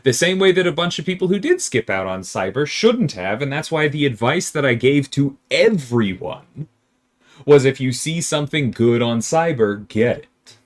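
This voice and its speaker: A man's voice: mid-range voice, moderate pace. A man hosting a casual game livestream, reading chat questions aloud and answering them. His voice rises and falls a lot as he talks, and he turns emphatic and exasperated when he pushes back. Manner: animated, emphatic, exasperated rants with laughter.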